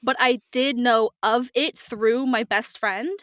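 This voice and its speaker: A woman voice actor chatting as a podcast guest, lively, playing out quoted voices and laughing often. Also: on the high side, slow pace, no room sound, clean studio sound. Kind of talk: casual podcast interview.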